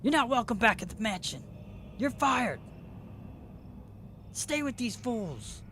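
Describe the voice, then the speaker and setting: A man voicing a haughty, angry old mansion master in a tabletop game, yelling with indignation over a noisy background. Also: very high voice, sing-song, takes it slowly, voice pushed up, exaggerated voice. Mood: contemptuous.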